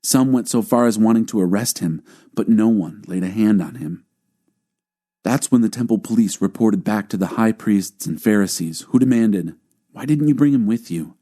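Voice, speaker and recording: A man narrating a scripted Bible reading with a calm, steady delivery. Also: lowish voice, normal speed.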